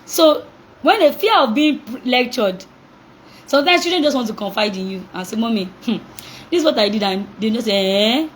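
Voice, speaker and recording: A young woman gives a parenting talk in a slightly high voice. She is animated, laughs often and acts out little exchanges with children. A faint hiss of noise sits behind her. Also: fairly quick, rough recording. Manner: animated, acts out reactions, laughs often, asks call-and-response questions. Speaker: parenting coach.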